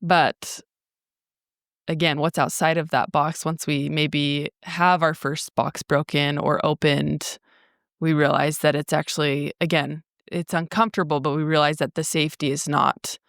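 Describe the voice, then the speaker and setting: A woman's voice: deep voice, flat delivery, measured pace, no room sound, studio quality. A woman co-hosting a podcast, earnestly thinking aloud about spiritual growth. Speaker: podcast co-host. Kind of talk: reflective spiritual conversation.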